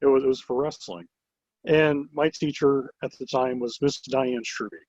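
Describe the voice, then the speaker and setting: A man who owns a wrestling promotion, telling stories in a casual interview with an animated, rambling manner and many filler words. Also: mid-range voice, normal speed, no echo. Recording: dull lo-fi recording.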